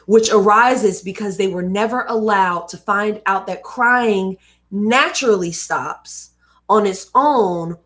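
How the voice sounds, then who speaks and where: A young adult woman hosting a live read-aloud, reading a book and adding casual, emphatic asides. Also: mid-range voice. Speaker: host reading books aloud.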